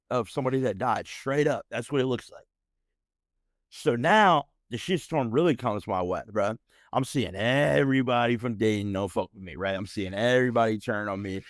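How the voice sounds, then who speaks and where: A man in the middle of a heated, profane story rant on his podcast, his voice sitting at an ordinary middle pitch. He keeps looping back with quick "right?" asides. The sound is dry and close, with no room around it. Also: lively intonation, dry recording. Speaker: podcast host. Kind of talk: ranting storytelling.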